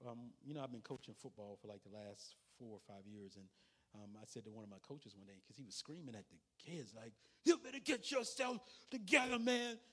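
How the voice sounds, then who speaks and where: A man's voice: lowish voice, fairly quick, a little mellow, husky. A male pastor preaching a sermon in a folksy, conversational way, with asides to the congregation.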